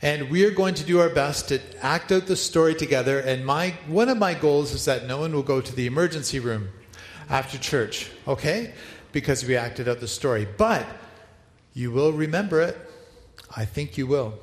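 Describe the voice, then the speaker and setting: A man's voice: fairly high pitch, moderate pace. A male pastor leading an interactive Bible story for his church, upbeat and playful as he directs the congregation. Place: large church hall. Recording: echoey hall, long reverb.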